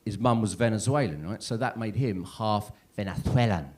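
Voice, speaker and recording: A man's voice: fairly low pitch, moderate pace. A man in his thirties doing a stand-up comedy set in a comedy club, rambling and self-deprecating, checking in with the crowd constantly. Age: 30s. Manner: rambling, self-deprecating, lots of "right?" and "yeah?".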